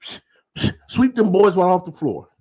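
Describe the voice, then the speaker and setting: A man hosting a casual late-night sports talk show, animated and filling his talk with hesitations. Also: sits high, moderate pace, slightly rough. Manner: animated, hesitant with many fillers.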